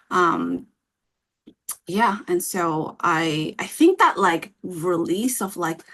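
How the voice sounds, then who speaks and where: A woman founder, a guest on a podcast, telling a personal story in a candid, halting way. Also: on the low side, expressive, a bit bright. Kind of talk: casual interview chat.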